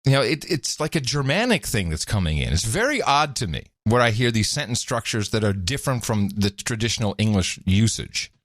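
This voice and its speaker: A podcast host from Europe, talking in a loose, joking way. His pitch swings widely as he goes. The sound is close and dry, with no room at all. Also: no echo. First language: Dutch. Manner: animated, chuckling, quick to joke. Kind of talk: casual talk.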